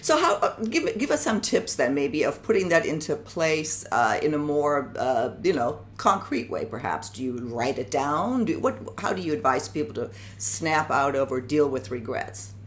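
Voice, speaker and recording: A woman's voice: low-pitched, big pitch swings, moderate pace, hardly any pauses, a little hiss or hum. A woman over fifty hosting a show, talking about her own past in a hesitant, reflective way. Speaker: show host and founder. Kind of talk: casual personal talk.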